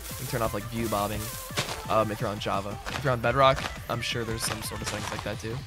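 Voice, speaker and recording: A fast-talking man with a fairly low voice streams a game, chatting loosely with viewers and answering them out loud. He's the streamer and server owner, relaxed in tone, leaning on "bro" a lot, with background music behind him.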